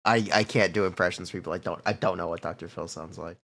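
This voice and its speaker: A man's voice: low voice, steady tone, fast, creaky, a bit bright. A man streaming live, chatting casually and joking, laughing often.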